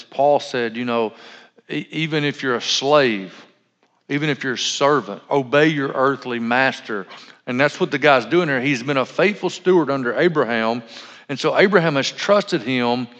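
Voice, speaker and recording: A man's voice: medium pitch, fairly bright tone. A man preaching a sermon as pastor, conversational and full of asides and self-corrections. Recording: dull lo-fi sound in a reverberant hall.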